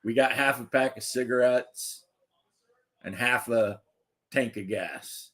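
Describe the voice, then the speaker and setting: A man voicing a laid-back male starship captain, drawling the lines in a deadpan way. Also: medium pitch, slow pace.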